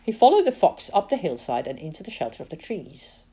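A woman reading a storybook aloud with a low, husky voice. Her delivery is expressive and dramatic, swinging widely in pitch, and her tone stays mellow and soft-edged. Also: fairly quick. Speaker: narrator. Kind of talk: storybook narration.

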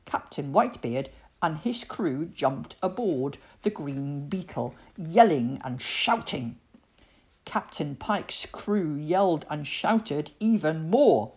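A woman reading a children's storybook aloud in an expressive storytelling voice. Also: sits low. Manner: expressive, slow, lively storytelling.

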